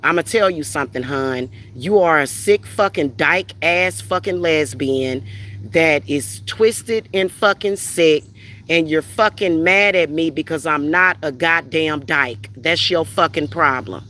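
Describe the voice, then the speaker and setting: A woman's voice: low voice, unhurried, a bit bright, slight background noise. A woman hosting a livestream who answers her chat in a heated, profane and confrontational rant, reading out comments and firing back. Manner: reads out viewer comments and retorts. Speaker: spiritual reader hosting a livestream.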